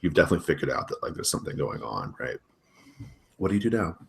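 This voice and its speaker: A man's voice: very deep voice, sing-song, fast, vocal fry, fairly bright tone, a little hiss or hum. A man running a tabletop role-playing game as game master, narrating in a casual, rambling way and laughing often.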